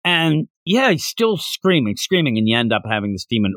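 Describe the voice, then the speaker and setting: Recapping a manga chapter on a laid-back podcast he co-hosts, a man with a mid-range voice speaks at normal speed and animatedly voices the characters' lines. The recording is dry and studio quality.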